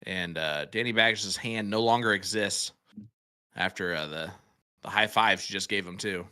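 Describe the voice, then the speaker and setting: A man's voice: sits low, normal speed, sharp tone, smooth. A man commentating live darts, calling throws and joking with his co-commentator. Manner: joking, banters with co-host.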